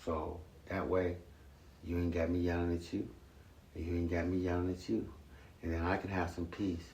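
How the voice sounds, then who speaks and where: A man's voice: low voice, little pitch movement, normal speed, darkish tone. A man talking to his sons at home, earnest and repetitive, lecturing and then apologizing. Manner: earnest, repetitive, plain-spoken. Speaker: father speaking to his sons. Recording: echoey room, far from the mic, faint hiss.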